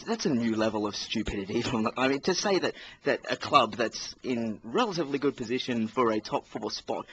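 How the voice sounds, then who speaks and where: A man's voice: mid-range voice, a bit bright. An Australian man co-hosting a casual sports podcast, ranting in an exasperated, rambling way. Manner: ranting, exasperated, talks over others. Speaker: podcast co-host. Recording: faint background noise.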